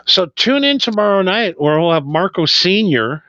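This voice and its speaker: A man's voice: high voice, big pitch swings, normal speed, sharp tone, no room sound. A man co-hosting a casual podcast, rambling in a laid-back, loose and profane way. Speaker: podcast co-host. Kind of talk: casual stoner podcast chat. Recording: slightly dull lo-fi sound.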